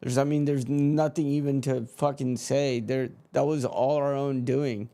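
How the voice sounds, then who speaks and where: A man calling a football match live as a fan. He shifts between flat calm and loud, swearing outbursts of frustration. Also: mid-range voice, measured pace. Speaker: fan commentator on a match watch-along. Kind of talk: live play-by-play commentary.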